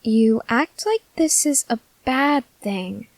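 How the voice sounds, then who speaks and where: A woman's voice: a little high, animated, takes it slowly, no echo, exaggerated voice. A woman voicing a food-obsessed teenage soldier girl in an ASMR audio drama, whiny and melodramatic. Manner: whiny, melodramatic, easily sidetracked.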